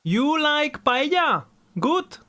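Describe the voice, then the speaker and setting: A man voicing an excitable, chummy Spanish man with a Spanish accent, in a drawn-out, sing-song way that pesters with questions. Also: very high voice, pitched above the performer's own voice, heavily acted. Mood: teasing.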